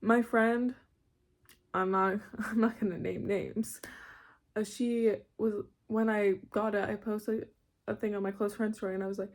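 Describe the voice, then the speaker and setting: A woman's voice: medium pitch, level tone, unhurried. Rambling young woman ranting in her room. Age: young adult. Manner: rambling, self-interrupting, laughs often. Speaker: vlogger. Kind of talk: casual rambling rant. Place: her bedroom.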